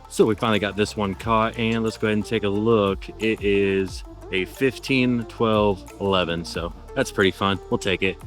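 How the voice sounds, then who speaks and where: A man's voice: low voice, a bit bright. A man hosting his game channel, giving upbeat, chatty play-by-play commentary. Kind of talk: casual gameplay commentary.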